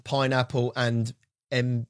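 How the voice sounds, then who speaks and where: A man's voice: mid-range voice, little pitch movement, takes it slowly, a little hiss or hum. A man telling a long rambling story as a guest, casual and chatty, often quoting what others said. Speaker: guest angler.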